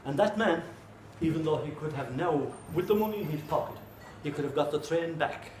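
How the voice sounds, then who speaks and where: A man with an Irish accent telling a folk tale live in an animated way, full of comic asides. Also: fairly high pitch, brisk, roomy sound, slight background noise, low-quality recording. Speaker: storyteller.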